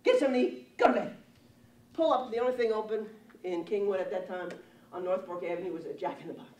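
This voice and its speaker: A woman's voice: medium pitch, fast talker, darkish tone, dull audio. A woman giving a humorous lecture to a live audience, telling stories and laughing often. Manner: storytelling, laughing often, playful. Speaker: speaker on stress and humor. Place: large lecture hall with audience. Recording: echoey hall, distant mic, audience noise.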